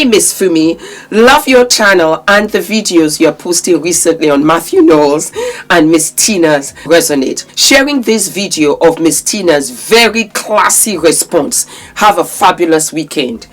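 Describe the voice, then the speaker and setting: A woman with a fairly low voice hosts a casual commentary vlog. She speaks emphatically and warmly calls her viewers her darlings. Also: expressive, measured pace. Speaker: commentary channel host.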